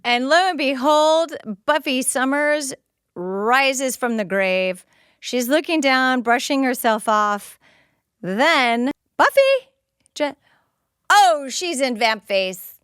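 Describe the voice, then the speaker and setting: A woman podcast host giving excited, casual play-by-play commentary while rewatching a TV episode. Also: sits high, slow, smooth, no room sound, clean studio sound. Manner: excited, gushing, narrating scenes as they happen.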